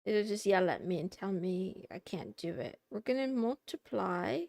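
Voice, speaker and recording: A woman's voice: medium pitch, animated, normal speed, creaky, darkish tone, dry recording. A woman VTuber streamer chatting casually, rambling and hesitant as she thinks aloud, playful and self-mocking.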